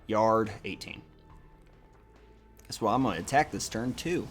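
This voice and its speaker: Excitable, foul-mouthed gaming commentator. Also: male voice, fairly low pitch, unhurried, pauses often, soft background music. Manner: crude, excitable, joking, swings from mutter to shouting. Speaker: gaming YouTuber. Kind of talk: profane gameplay commentary.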